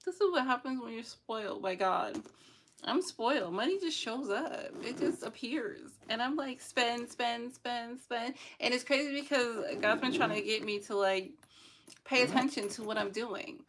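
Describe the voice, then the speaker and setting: A woman's voice: on the high side, normal speed, background noise. A young adult woman chatting casually in a rambling, emotional vlog, sometimes laughing through tears. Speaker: vlogger. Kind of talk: casual chat.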